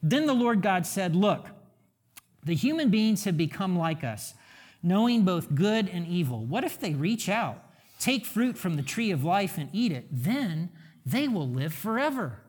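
A man's voice: high-pitched, very animated, unhurried, husky. A middle-aged man, a pastor and father, preaching a conversational sermon full of rhetorical questions.

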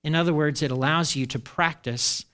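A middle-aged man preaching a sermon with a high, bright voice. He talks to his congregation in an animated way and slips into the voices of the people he quotes. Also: moderate pace. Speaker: pastor.

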